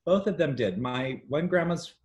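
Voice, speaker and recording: A man's voice: fairly high pitch, animated, normal speed, darkish tone, dull audio. A man getting a psychic reading, answering in short eager replies and laughing often. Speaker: client receiving a reading. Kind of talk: casual chat.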